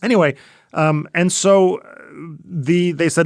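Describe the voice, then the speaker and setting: A man's voice: fairly high pitch, fairly even intonation, unhurried, no echo, studio quality. A man guesting on a podcast as a chef, talking casually in a rambling way full of fillers and restarts. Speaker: guest chef and cookbook author.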